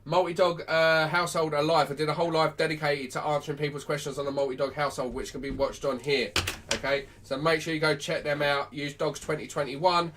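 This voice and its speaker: A man's voice: on the high side, flat delivery, a little fast, fairly bright tone, slight background noise. A man, a dog trainer giving blunt, sweary advice on a live stream.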